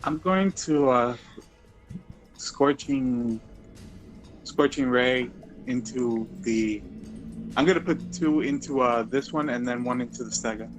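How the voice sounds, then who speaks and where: A man playing a tabletop game, halting and restarting as he declares spells. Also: mid-range voice, faint music behind, low-quality recording. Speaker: player. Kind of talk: casual tabletop play.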